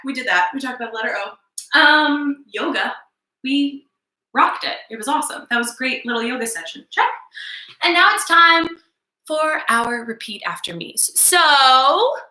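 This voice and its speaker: Bright, high-voiced woman teaching small children. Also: roomy sound, low-quality recording. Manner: soft, encouraging and playful, with slow spoken affirmations. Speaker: children's circle time teacher. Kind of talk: gentle lesson for young children.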